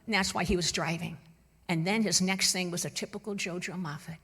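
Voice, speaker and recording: A woman giving a lively personal testimony at a church gathering, telling stories animatedly and laughing along. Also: lowish voice, fairly quick, breathy edge. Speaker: church conference speaker. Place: church sanctuary. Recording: long reverb from a church hall.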